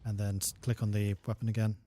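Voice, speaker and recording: Man calmly explaining strategy game mechanics. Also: on the low side, fast. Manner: patient, step-by-step explanations. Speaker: game developer. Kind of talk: explaining gameplay on a livestream.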